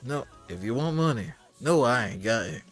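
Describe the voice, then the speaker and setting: A man's voice: medium pitch, animated, normal speed, fairly bright tone, soft background music. A man chatting on a stream, joking in a mock-dramatic way. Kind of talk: casual chat.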